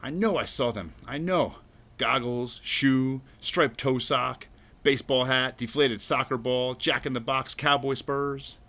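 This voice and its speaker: A man's voice: medium pitch, unhurried, bright, forceful tone. A man voicing an eager, clever young girl raccoon in a storybook reading. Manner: eager, rummaging.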